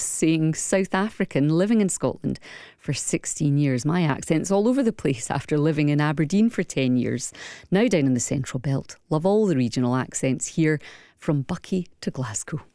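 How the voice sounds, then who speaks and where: A breakfast-radio co-presenter in a dry studio, voice at middle pitch with a dark, mellow tone, reading listener messages and adding dry asides. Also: gravelly, dry recording.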